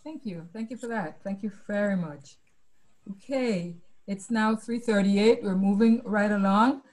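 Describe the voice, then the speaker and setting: Woman webinar moderator, brisk, mid voice. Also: mid-range voice, a little mellow. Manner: brisk, keeps things moving. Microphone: video call.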